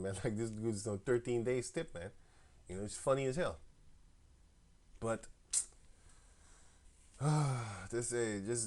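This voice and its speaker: A man's voice: fairly low pitch, darkish tone. A man ranting in a casual, profane, slangy story, acting out both sides of heated phone arguments, with a voice that drifts off-mic at times. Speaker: camp member telling a story.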